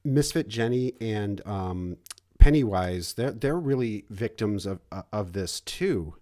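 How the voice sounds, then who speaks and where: Low-voiced man as a casual interview host, halting and full of fillers. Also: expressive, mellow. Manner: halting, many fillers and restarts. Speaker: podcast host.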